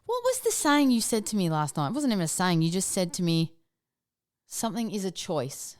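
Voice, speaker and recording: A woman's voice: medium pitch, big pitch swings, a little fast. A woman from Australia with an Australian accent, a podcast co-host in casual chat who reacts with encouraging "aw"s. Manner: warm, encouraging listener with many "aw" reactions.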